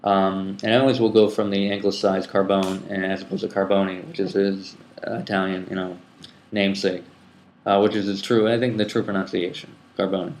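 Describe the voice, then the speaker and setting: A man's voice: deep voice, little pitch movement, a little fast, darkish tone, a little hiss or hum. A man hosting a casual podcast chat, rambling with lots of ums and restarts, recorded in a room at a community TV station. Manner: rambling, many ums and restarts, laughs easily. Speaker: public access TV coordinator and podcast host. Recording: roomy echo.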